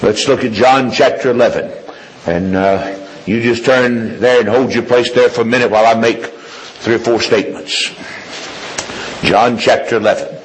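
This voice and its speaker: A man preaching a sermon with an emphatic, repetitive cadence, moving from low confiding tones to high ringing declarations. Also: moderate pace, slight background noise, low-quality recording.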